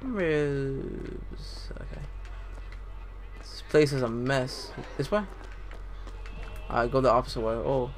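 A young man giving casual, excitable gameplay commentary, swearing and talking to himself as he plays. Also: medium pitch, measured pace, pauses often, slight background noise. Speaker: let's play gamer.

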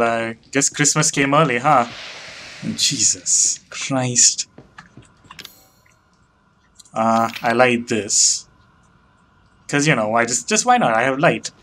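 A man's voice: medium pitch, a bit bright, slight background noise. A young man commenting on a horror game as he plays, joking and mocking himself, often grossed out. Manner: joking, self-mocking, easily disgusted. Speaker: let's play commentator. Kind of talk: gameplay commentary.

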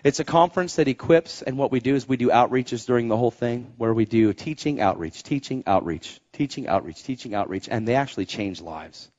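Animated preaching man, lively pitch. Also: a little fast, few pauses, lo-fi sound. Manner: animated, acts out quoted voices; exhorting, rising to shouts. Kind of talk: sermon storytelling.

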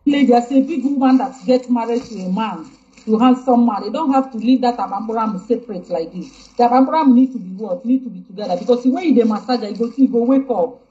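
A woman's voice: on the high side, fast, mellow, roomy sound, muffled recording. A woman speaking in a rambling, repetitive way in a clip played from social media.

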